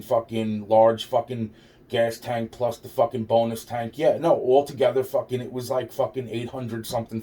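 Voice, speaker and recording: The man has a medium-pitched, dark-toned voice, recorded well away from the microphone. Profanity fills his rambling personal anecdote, and he constantly begins sentences again.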